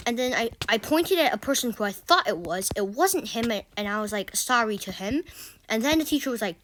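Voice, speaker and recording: A woman's voice: a little high, lively intonation, fairly quick, a bit bright. A woman vlogger telling casual stories in a rambling way, with stammering restarts and exasperated asides. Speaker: gaming channel vlogger. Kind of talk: casual storytelling vlog.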